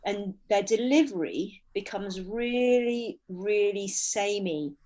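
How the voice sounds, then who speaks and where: A woman voice coach talking through an interview with an expressive delivery. She shifts between louder and softer passages to show her point, with a mid-range voice. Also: medium pitch, slow pace, rough recording. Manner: expressive, demonstrates loud and soft delivery. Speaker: voice and performance coach.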